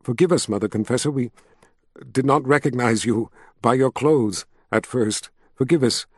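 A man's voice: medium pitch, no room sound, studio quality, lightly acted. A man reading aloud and voicing a frightened, humble peasant woman who pleads and apologizes in a rush. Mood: frightened pleading. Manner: rushed, pleading, hurried apologies.

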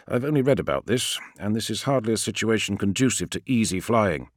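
A man's voice: lowish voice, lively intonation, a little fast, no echo. A man voicing a cool, arrogant male pilot in an audiobook, speaking in a dry, curt, condescending way. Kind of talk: audiobook character voice.

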